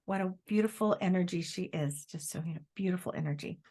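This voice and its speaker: A woman working as a psychic medium, giving a live spirit reading in a halting, searching way with many fillers, often quoting the spirit. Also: lowish voice, warm tone. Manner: relays messages by quoting the spirit in first person.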